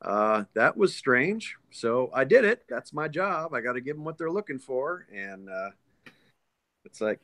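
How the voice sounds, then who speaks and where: A man, a voice actor guest, telling lively anecdotes in a casual interview, with quick shifts in his voice. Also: mid-range voice.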